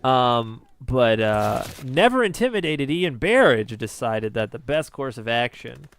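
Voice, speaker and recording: A man's voice: medium pitch, a little slow, gravelly, clear, resonant tone. Profane young man telling a story. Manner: profane, self-mocking, animated retelling. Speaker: vlogger. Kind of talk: casual storytelling.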